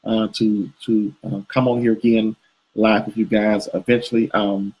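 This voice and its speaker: A man's voice: fairly low pitch, little pitch movement, moderate pace, a little mellow, slightly rough, low-quality recording. A man co-hosting a live couples show, talking casually and rambling with fillers and restarts. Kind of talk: live video chat with viewers.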